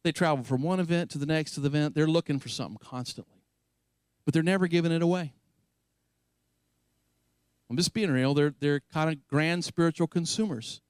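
A man preaching an animated, emphatic sermon as a pastor, paraphrasing scripture in a lively voice. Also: fairly high pitch, fairly quick, dry recording, clean studio sound.

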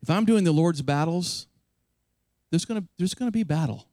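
A man's voice: a little high, normal speed, dark tone, no echo, clean studio sound. A man preaching a sermon to his congregation, retelling a scripture story with vivid, dramatic delivery. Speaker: pastor.

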